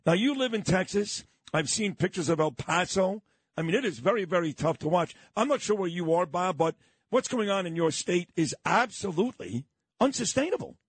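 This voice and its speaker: A man's voice: high-pitched, husky, no echo. A middle-aged man hosting a talk radio show, interviewing a guest in an emphatic, brash way.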